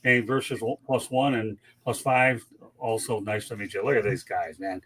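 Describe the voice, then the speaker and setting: A man with a raspy voice hosting a sports talk show, reading out stats and joking with his panel. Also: fairly low pitch, steady tone, moderate pace, fairly bright tone, rough recording. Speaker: host.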